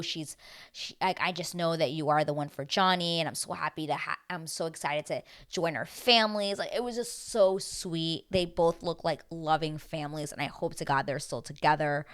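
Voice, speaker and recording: A young woman gushes through a casual recap in an expressive, chatty way. Her voice sits a little low for a woman. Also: clean tone. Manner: chatty, gushing, exclamatory. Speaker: recap vlogger.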